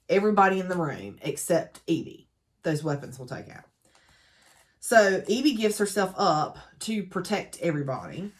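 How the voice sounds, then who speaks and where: A woman gives a casual, chatty book recap full of dramatic asides. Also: on the low side. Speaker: book reviewer.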